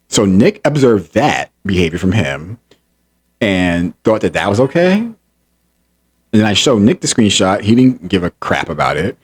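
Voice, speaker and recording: Vlogger man, low husky voice, very animated delivery, emphatic retelling. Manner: animated, acts out quotes, laughs, emphatic repetition. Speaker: channel host recounting an incident. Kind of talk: heated personal storytelling to camera.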